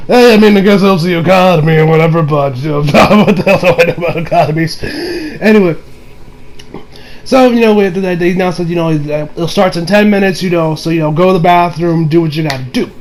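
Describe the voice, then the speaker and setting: A man's voice: sits high, a little fast, slight background noise, poor audio. A man casually reviewing an anime episode, rambling with many fillers and frequent laughs.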